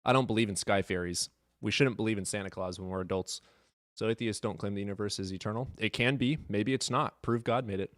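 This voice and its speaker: A man's voice: on the low side, fairly quick, fairly bright tone, no echo, clean studio sound. A man hosting a live stream, chatting casually with his chat in a blunt, sarcastic and profane way.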